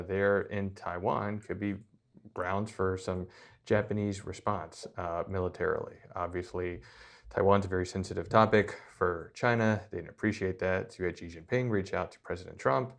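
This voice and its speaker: A man with a very low voice lays out policy news in a steady, explanatory way. He pauses often with small fillers as he works through the points. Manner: measured, explanatory, with frequent "uh" pauses. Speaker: policy analyst. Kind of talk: podcast briefing.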